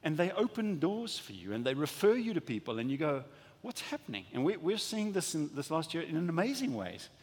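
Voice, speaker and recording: A man preaching a sermon as pastor, animated and acting out little dialogues, often stumbling and restarting his words. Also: fairly high pitch, a little fast, hardly any pauses, breathy edge. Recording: long hall reverb.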